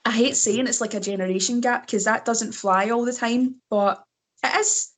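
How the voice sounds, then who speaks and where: Speaking at a normal speed with a steady tone, the Scottish woman sits on the high side of her range. She's a wrestler chatting casually as a guest, slightly hoarse and laughing often between fillers.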